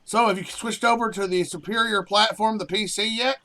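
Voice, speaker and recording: A man's voice: high voice, fairly even intonation, a little fast, sharp tone. A man chatting casually and profanely while streaming a game. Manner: rambling, profane, easygoing. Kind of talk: casual live-stream chat.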